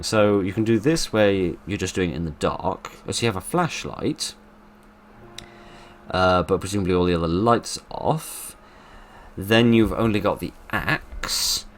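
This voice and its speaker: A man narrating a game playthrough, with theatrical polite exasperation that swings from loud outbursts to quiet murmurs. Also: low-pitched, a little hiss or hum. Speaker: gaming video host. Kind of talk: let's play commentary.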